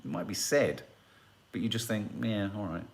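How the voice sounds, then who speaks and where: A man's voice: on the low side, normal speed. A middle-aged man, hosting a casual live chat and musing as he reads out viewer comments.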